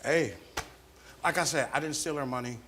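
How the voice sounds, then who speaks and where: A man's voice: a little high, moderate pace, fairly bright tone, slight background noise. A man on a talk show stage, defensively denying an accusation over and over and swearing as he argues. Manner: defensive, repeats denials, swears. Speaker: guest. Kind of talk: heated talk-show argument. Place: TV studio stage.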